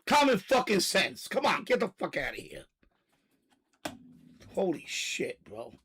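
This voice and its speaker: A man with a strikingly high voice rants on a live stream, loud, coarse and repeating himself. He drives each point with shouted outbursts and runs short of breath. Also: wildly swooping pitch, unhurried, gravelly, slightly rough, rough recording. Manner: loud, profane, repetitive ranting. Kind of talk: ranting live stream monologue.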